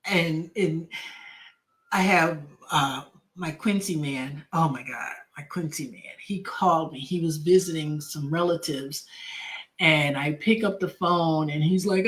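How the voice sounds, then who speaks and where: A woman's voice: fairly low pitch, unhurried. Grieving woman talking from the heart, emotional, repeats herself, lots of ums. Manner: heartfelt, repeats words, many fillers. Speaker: podcast host. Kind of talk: personal talk on grief.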